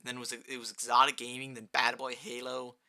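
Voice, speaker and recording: A young man chatting casually on a live gaming stream, rambling and answering chat, with a fairly high-pitched voice and keyboard clicks near his desk mic. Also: brisk. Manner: rambling, answers chat, rising excited outbursts.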